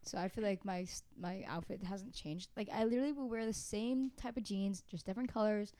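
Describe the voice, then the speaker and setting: A young woman co-hosting a casual chat podcast, her voice mellow and warm. She rambles loosely, padding her sentences with fillers and laughing easily. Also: medium pitch, a little fast, no room sound. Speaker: podcast co-host.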